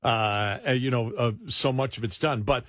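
A middle-aged man, a talk host, speaking bluntly and emphatically in casual political chat, often halting on fillers. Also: mid-range voice, a bit bright, no room sound, studio quality.

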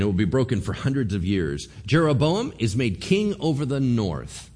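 A man preaching a sermon, animated, acting out characters' voices and asking rhetorical questions. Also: mid-range voice, normal speed, few pauses. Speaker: pastor.

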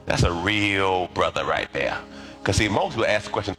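Soft background music accompanies a middle-aged male pastor whose voice sits on the low side and moves a little fast. He preaches through animated stories and invites call-and-response from his congregation.

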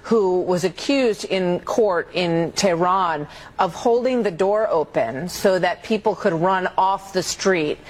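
News host checking facts. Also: mid-range voice. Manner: asks checking questions, halting. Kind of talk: news interview.

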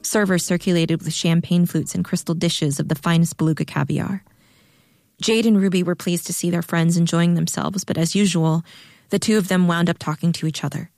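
A woman narrating a story in a calm, even reading voice. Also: on the low side, brisk, vocal fry, no room sound. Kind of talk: audiobook narration.

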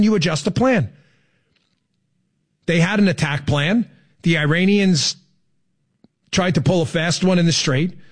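A man hosting a political talk show from his studio, his voice sitting high for a man. He talks with emphatic, fired-up energy, punching words in loud bursts before sinking into low asides. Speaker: radio and podcast host. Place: studio with a co-host.

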